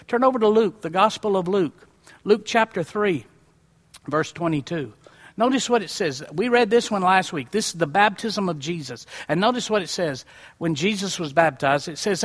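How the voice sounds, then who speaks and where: This male pastor's voice sits high and sounds fairly bright, expressive, and measured in pace. He preaches with folksy drama, asking the congregation rhetorical questions and going back over his lines.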